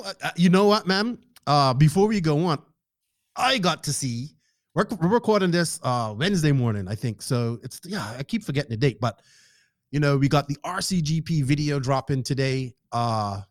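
An excitable man hosting a podcast, his voice bouncing all over its range at a fairly high pitch. He jokes and swears freely in casual chat. The sound is dry and close, with no room around it. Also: no room sound. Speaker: podcast host. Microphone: podcast microphone, remote call.

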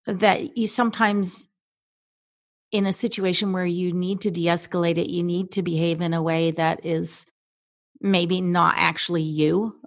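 A woman hosts a relaxed conversation and explains ideas in long, thoughtful turns. Her voice sits low and has a gravelly edge. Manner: reflective, explaining ideas at length. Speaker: host. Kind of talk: casual interview talk.

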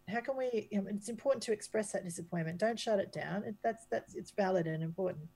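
A woman's voice: medium pitch, gravelly, dark tone, rough recording. A woman, a counselor, giving relationship advice in a chatty radio conversation with restarts and fillers. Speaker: sex therapist guest.

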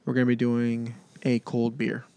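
Animated man on a podcast. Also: medium pitch, moderate pace, slight background noise. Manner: animated, acts out voices in stories, laughs often. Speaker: podcast co-host. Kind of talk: casual storytelling chat. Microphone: podcast microphone.

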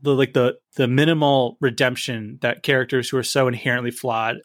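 A man's voice: mid-range voice, brisk, no room sound, studio quality. A man co-hosting a podcast, telling anecdotes animatedly and acting out what people said. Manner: animated storyteller, acts out quotes. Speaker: podcast co-host. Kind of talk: casual podcast chat.

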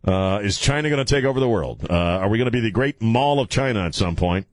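Talk radio host, man, low voice, rambling jokey delivery, dry studio mic. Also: expressive, quick pace, no room sound. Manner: rambling, joking, laughs often, crude asides.

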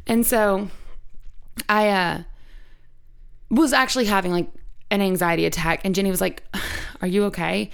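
A woman's voice: medium pitch, moderate pace, pauses often. A woman hosting a podcast, telling a personal story in casual chat, rambling and frank, swearing freely. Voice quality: creaky.

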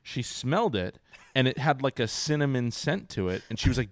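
A man's voice: medium pitch, fairly quick, dry recording. A man in his forties co-hosting a casual sports podcast, telling stories animatedly and acting out his kids' voices. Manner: animated storyteller, acts out voices of his kids. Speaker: podcast co-host.

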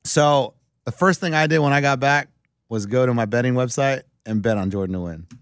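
A young man telling a rambling, excitable story in casual chat, full of "dude" and "like". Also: mid-range voice, a little fast, smooth, no echo, studio quality.

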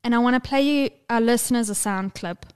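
A woman's voice: fairly high pitch, brisk, clean tone. A young woman co-hosting a casual podcast chat, talkative and blunt, swearing freely and laughing often. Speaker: podcast co-host.

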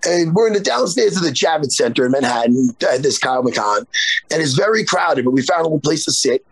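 A man's voice: fairly high pitch, expressive, a little fast, creaky, breathy edge, no room sound. A man in his forties, a jiu-jitsu instructor, telling a story in casual podcast chat and swearing freely. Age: 40s.

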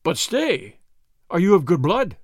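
A man voicing an excitable young nobleman who bursts out with eager cries in a storybook reading. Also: sits high, measured pace, no echo, studio quality, full character voice. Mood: excited. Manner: excited outbursts.

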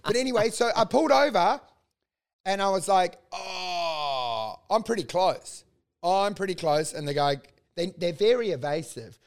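A man spins a rowdy anecdote on a casual podcast. He talks in an animated way, laughs often and slips into the voices of the people in his story. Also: sits high, unhurried, smooth. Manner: animated, laughing storyteller who acts out quotes.

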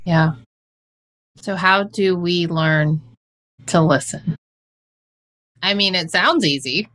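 A woman's voice: fairly low pitch, slow pace, fairly bright tone. A woman hosting an interview, answering thoughtfully with some hesitation. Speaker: host. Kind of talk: casual chat.

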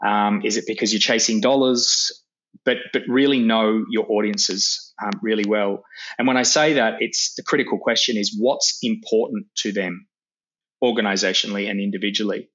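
A man's voice: fairly low pitch, fairly even intonation, moderate pace, fairly bright tone, highs cut off. A man, a leadership coach, talks earnestly as a podcast guest with frequent fillers and restarts. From Australia. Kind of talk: podcast interview.

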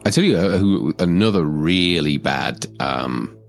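A man's voice: low voice, lively intonation, measured pace, soft background music. A man co-hosting a movie watchalong, chatting casually and laughing often. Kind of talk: casual chat over a film.

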